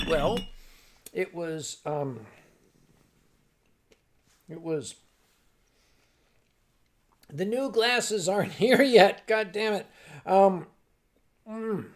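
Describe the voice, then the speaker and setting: Older male stream host, unhurried and rambling, gravelly tone, lively swoops in pitch. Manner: rambling, wry, with frequent fillers and restarts. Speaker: livestream host. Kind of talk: casual chat reading viewer comments.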